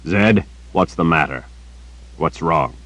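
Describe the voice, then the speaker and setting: A man reading an audiobook, voicing a big, gruff male warrior who speaks stern yet teasing to a child. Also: a bass voice, slow pace, a bit bright, dry recording, full character voice.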